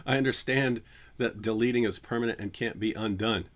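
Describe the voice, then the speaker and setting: A man's voice: on the low side, steady tone, brisk. Joking man hosting a livestream. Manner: joking, teasing, breaks into mock singing. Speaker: host. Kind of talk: casual livestream chat.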